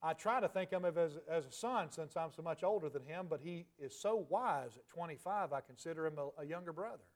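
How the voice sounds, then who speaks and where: A man in his forties preaching a sermon in a conversational way, dropping to soft, emphatic asides. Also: a little high, animated, brisk. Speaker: pastor.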